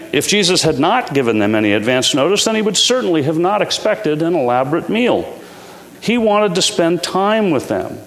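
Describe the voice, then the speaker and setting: Earnest preaching man in a reverberant hall. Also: mid-range voice. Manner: measured, earnest preaching with slow emphatic endings. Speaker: pastor. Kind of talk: sermon.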